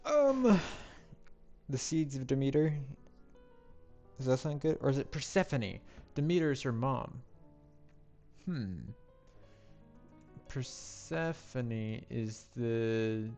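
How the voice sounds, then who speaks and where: A man's voice: medium pitch, animated, slow, pauses often, dark tone. A man live-streaming a building game on a headset mic, rambling to himself with playful sound effects. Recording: faint music behind.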